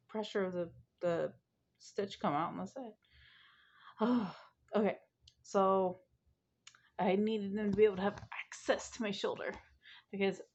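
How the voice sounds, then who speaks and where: A friendly woman rambles along in a casual vlog chat. Her voice sits at an ordinary middle pitch. The home recording sounds a little dull and muffled. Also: a little mellow. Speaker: vlogger.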